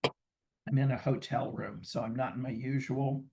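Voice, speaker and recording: A man's voice: mid-range voice, steady tone, a little slow, gravelly, dark tone. A man presenting an online training lecture from a hotel room over a video call, chatty and emphatic, often acting out what mothers say. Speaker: webinar presenter.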